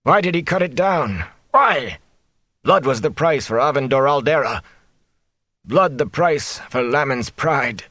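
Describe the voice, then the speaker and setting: A man's voice: lowish voice, animated, a little slow, fairly bright tone, no room sound, voice pushed up. A man voicing a wounded older man who mutters angrily in a fever, faint and barely audible. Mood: feverish.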